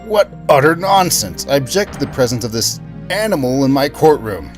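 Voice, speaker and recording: Male actor as a scornful prosecutor, indignant, lively swings. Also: medium pitch, moderate pace, soft background music, natural voice. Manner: indignant, scoffing.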